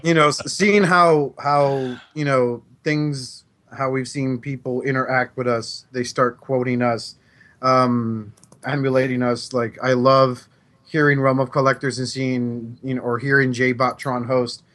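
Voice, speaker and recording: A man at a middle pitch chats casually on a podcast. He talks in a relaxed, teasing way, with plenty of fillers. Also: unhurried. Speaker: podcast co-host.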